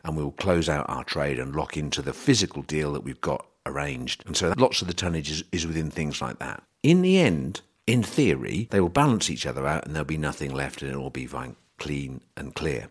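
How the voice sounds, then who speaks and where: A man's voice: extremely low pitch, breathy edge. A middle-aged man, hosting a podcast and casually explaining grain trading, with wry asides and quoted voices. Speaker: podcast host.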